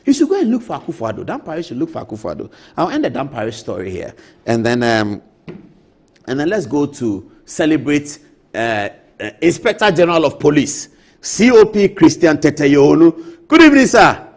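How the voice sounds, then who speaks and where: Ghanaian guy hosting tv talk, huskyish voice, fairly high, acts stuff out. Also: normal speed. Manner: animated, theatrical, acts out quotes. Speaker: TV talk show host. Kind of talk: opinionated political commentary. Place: TV studio.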